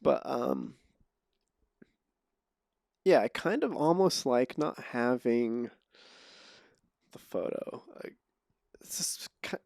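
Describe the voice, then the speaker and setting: A man's voice: mid-range voice, animated, slow pace, vocal fry, long pauses, darkish tone, dry recording, clean studio sound. A man hosting a podcast, chatting casually and often restarting his sentences. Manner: rambling, trails off and restarts sentences. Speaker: podcast host. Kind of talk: casual conversation. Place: Los Angeles.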